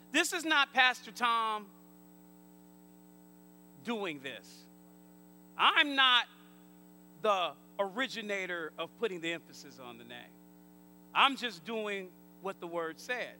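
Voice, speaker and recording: Guy preaching a sermon, real high and sharp, kinda gravelly, shouts at the crowd, faint hum. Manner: preaching with call-and-response, rising to shouts. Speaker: pastor.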